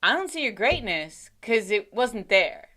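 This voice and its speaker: A woman's voice: mid-range voice, big pitch swings, measured pace, pushed and bright. A woman co-hosting a casual sports talk show, ranting with sarcasm and fire. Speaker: co-host.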